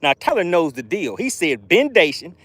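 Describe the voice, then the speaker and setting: Hyped-up guy on a boat streaming his fishing, voice jumps all over, kinda high. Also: unhurried, dry recording. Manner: excitable, exclamatory, reads chat aloud. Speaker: fishing livestream host. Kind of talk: live fishing stream commentary. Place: on a boat outdoors.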